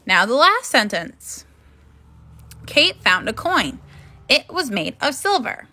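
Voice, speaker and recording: A woman teaching a phonics and grammar lesson to young children, speaking slowly and carefully in an encouraging classroom manner. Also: sits high, very animated, bright, forceful tone.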